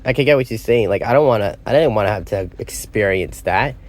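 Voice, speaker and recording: A man's voice: fairly low pitch, animated, brisk, a little mellow. Rambling man chatting about a film. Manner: rambling, loses his train of thought, many fillers. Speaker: movie reviewer. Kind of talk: casual spoken film review. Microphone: phone or small device.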